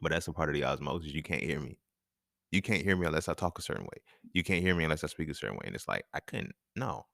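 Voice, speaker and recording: A man's voice: very deep voice, animated, fast, gravelly, fairly bright tone, dry recording, clean studio sound. A man hosting his own talk show, delivering a casual, profane monologue full of slang and laughter. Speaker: podcast host.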